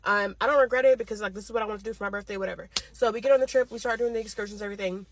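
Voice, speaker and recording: A woman's voice: medium pitch, racing, slight background noise. A woman telling a story in a casual, heated rant, blunt and full of swearing, speaking close to a phone mic. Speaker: storytime vlogger.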